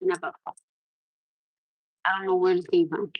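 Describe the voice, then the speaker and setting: Here a Norwalk livestream host, young and female, speaks unhurriedly in a fairly low voice with a New York flavor to her American accent. Animated and casual, she keeps restarting and repeatedly asks her audience for their opinions. The audio is muffled but free of echo.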